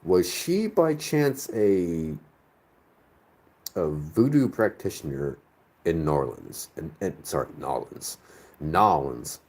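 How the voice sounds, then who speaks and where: A man from the northern United States hosts a casual live chat, reading viewer comments while rambling and searching aloud for his words. His voice sits low and husky with a dark tone, moving in a sing-song way at a slow pace with frequent pauses.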